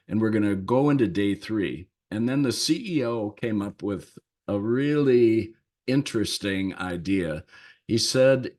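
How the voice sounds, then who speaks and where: A man hosting a leadership podcast, telling a personal story in a thoughtful, unhurried way with lingering pauses. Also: low voice. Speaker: leadership coach and podcast host.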